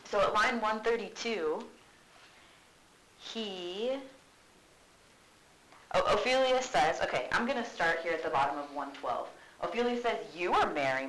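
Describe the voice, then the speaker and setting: A woman's voice: lowish voice, expressive, a little slow, pauses often, fairly bright tone, a little hiss or hum, low-quality recording. A woman teacher giving a casual, chatty classroom explanation, full of "like"s, in a classroom.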